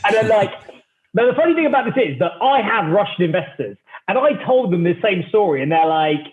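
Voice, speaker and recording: A man's voice: high voice, sing-song, brisk. A man, a startup founder, telling a story in a cheeky, theatrical way and swearing freely. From England. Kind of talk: animated anecdotal storytelling. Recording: tinny phone-like remote line.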